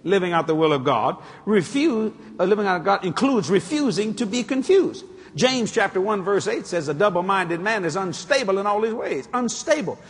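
A man preaching a sermon, rather high-voiced and very lively, swinging from hushed asides into shouts as he acts out both sides of a conversation. His voice rings with a long reverb in a big hall. Faint ambience hangs behind him. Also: normal speed, husky. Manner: animated storytelling, acting out dialogue, jumping to shouts.

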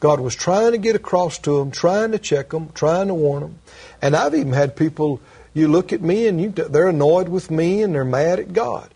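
A man's voice: a little high, animated, moderate pace, vocal fry, mellow, husky. A man who works as a minister, earnestly teaching and telling stories in a Christian conversation, repeating his key phrases for emphasis.

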